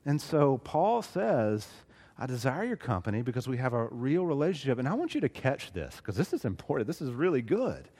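A middle-aged man from Southeast Alabama with a Southern accent, preaching a sermon earnestly, swinging between loud emphasis and hushed asides. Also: mid-range voice, sing-song, fairly quick, husky. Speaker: pastor. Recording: long reverb of a large hall.

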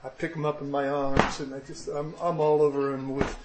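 A man's voice: mid-range voice, little pitch movement, a little fast, echoey room, heavy background noise. A man preaching a sermon, telling a personal story in a conversational way with self-deprecating humor and frequent restarts. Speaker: pastor.

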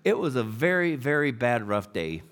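A middle-aged man preaching a sermon, retelling scripture stories with animated storytelling and acted-out voices. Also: medium pitch, moderate pace. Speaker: pastor.

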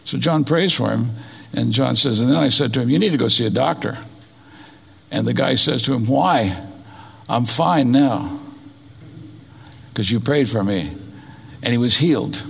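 A middle-aged man preaches in a church sanctuary, retelling scripture with animated, dramatic emphasis. His voice is gravelly and husky. The sound carries a long reverb from the large hall. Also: mid-range voice, measured pace, pauses often. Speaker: pastor. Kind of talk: sermon.

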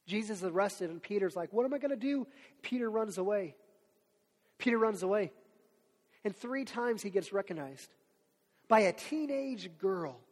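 A man preaching a sermon in a casual, animated storytelling way, as a pastor. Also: sits high. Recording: long hall reverb.

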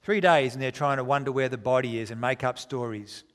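A man preaching a sermon, reading scripture aloud with dramatic, deliberate pacing and slowing down for emphasis. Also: medium pitch, fairly bright tone, big-room sound.

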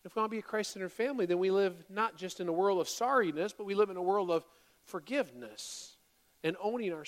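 A man's voice: sits high, a bit bright, in a large hall. A man preaching a sermon as pastor, acting out quoted apologies with a raised voice. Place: church sanctuary.

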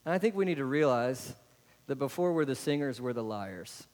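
A man's voice: medium pitch, lively intonation, moderate pace, a little mellow. A man preaching a sermon to a congregation. He keeps asking them rhetorical questions. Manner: asks the congregation many rhetorical questions, adds "right?". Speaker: pastor. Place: church sanctuary. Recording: long hall reverb.

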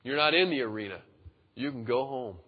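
A man's voice: mid-range voice, expressive, a little fast, breathy edge. A pastor giving a conversational sermon, acting out the people he quotes. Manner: conversational, acts out quoted voices. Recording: dull sound in a reverberant hall.

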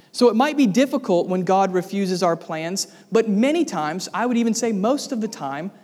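Guy preaching a sermon, pretty high voice, big reverby church sound, emphatic, lots of rhetorical questions. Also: darkish tone. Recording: long reverb of a large hall.

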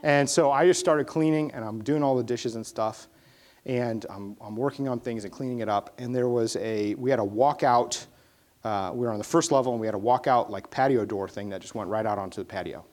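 A man's voice: medium pitch, a little fast, a little mellow. A man preaching a sermon in a casual storytelling way, with emphatic bursts on key points. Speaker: pastor. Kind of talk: conversational sermon.

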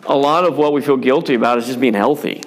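A male pastor with a gravelly voice talks about family life in a casual, unscripted way. He rambles frankly, is quick to poke fun at himself, and often restarts his sentences. His pitch sits in the usual middle range for a man. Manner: rambling, frank, self-deprecating, many fillers and restarts. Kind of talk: casual pastoral chat on parenting.

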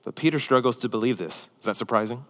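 A male pastor preaching a sermon, swinging from emphatic peaks to hushed, near-whispered passages and asking rhetorical questions. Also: mid-range voice, expressive, fast talker, long reverb tail.

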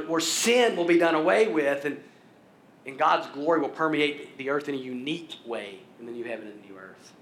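A man preaching a sermon, who builds emphasis through repeated phrases that climb in pitch and volume. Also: fairly bright tone, a little hiss or hum. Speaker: pastor. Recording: echoey room.

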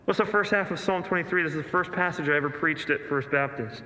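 Bright-voiced man preaching in echoey hall. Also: fairly high pitch, quick pace, few pauses. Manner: earnest, emphatic preaching with rhetorical questions. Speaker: pastor. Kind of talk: sermon. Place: large church sanctuary.

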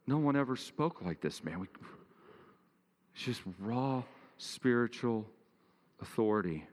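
A man preaching a sermon, earnest, building in pitch and force to drive his points home. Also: lively intonation, measured pace, long pauses, long reverb tail. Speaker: pastor.

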